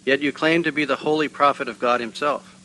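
A man's voice: mid-range voice, normal speed, sharp tone, slight background noise, lightly acted, low-quality recording. A man voicing a rude, scornful male seeker who accuses a holy man of being a fraud, in a read-aloud spiritual tale. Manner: indignant, accusing.

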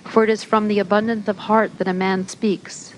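A woman reading aloud the words of God in a slow, measured, solemn way, close to her own narrating voice. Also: mid-range voice, little pitch movement, slight background noise, close to an everyday voice, low-quality recording. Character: divine voice of God, patient and reproving.

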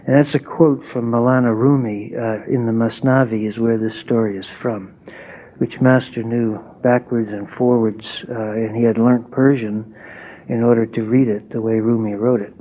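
A man giving a reflective spiritual talk, pausing thoughtfully as he reads and comments on passages. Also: medium pitch, fairly even intonation. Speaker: satsang speaker. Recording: tinny phone-like sound.

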